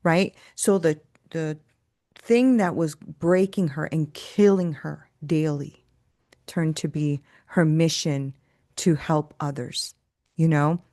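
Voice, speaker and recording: A woman, a faith coach and podcast guest, telling stories in an emphatic, preachy way. She keeps adding "right?" and acts out quoted voices with big jumps in pitch. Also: fairly even intonation, takes it slowly, dark tone, no room sound, clean studio sound. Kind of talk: storytelling faith talk.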